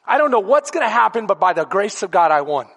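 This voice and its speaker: Male Texan pastor, high voice, emphatic storytelling sermon, reverberant sanctuary. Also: very animated, fast, vocal fry, fairly bright tone. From Texas. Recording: long church reverb.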